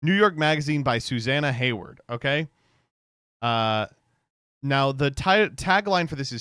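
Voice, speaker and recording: A man's voice: medium pitch, animated, measured pace, bright, forceful tone, clean tone, no echo, studio quality. A man streaming casual reaction commentary, rambling and swearing freely, with frequent laughs. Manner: rambling, profane, laughs often.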